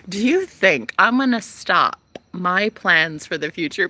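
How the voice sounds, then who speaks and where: A young woman talking to camera in a casual vlog, sassy, profane and dramatic, swinging between loud outbursts and hushed asides. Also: medium pitch, big pitch swings, measured pace, no echo. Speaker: vlogger.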